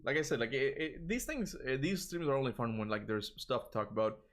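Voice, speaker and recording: Tired and rambling, a young male gaming streamer with a Toronto accent chats casually on a livestream in an expressive, medium-pitched voice at a fairly quick pace. He restarts his words and chuckles frequently.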